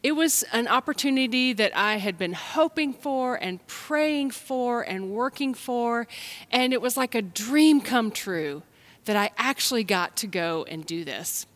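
A woman from the United States, a pastor telling a children's story and preaching a sermon in a gentle storytelling manner. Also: fairly high pitch, expressive, unhurried. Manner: gentle, storytelling, speaks straight to listeners.

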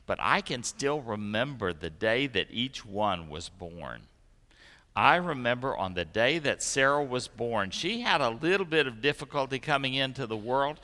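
A middle-aged man preaching a sermon, telling stories gently and then preaching with energy. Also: medium pitch. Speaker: pastor. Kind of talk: sermon and children's message. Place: church sanctuary. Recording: echoey church sanctuary.

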